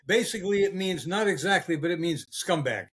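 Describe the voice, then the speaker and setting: Older male podcast host, high voice, heated, swearing, halting with fillers. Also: lively intonation, a bit bright, a little hiss or hum. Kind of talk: casual political chat.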